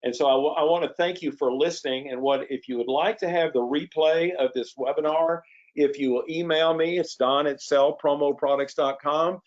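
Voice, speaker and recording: A man's voice: on the high side, steady tone, moderate pace, dull audio. A man hosting a sales webinar, talking in a folksy, chatty way with fillers and restarts. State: coughing. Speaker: webinar host. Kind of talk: casual sales webinar talk.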